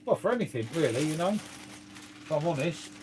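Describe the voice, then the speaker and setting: A middle-aged man from London hosts a live stream, his fairly high voice sing-song and darkish in tone at a moderate pace, with slight background noise. He chats casually to viewers, rambling, swearing, and dropping "mate" and tag questions often.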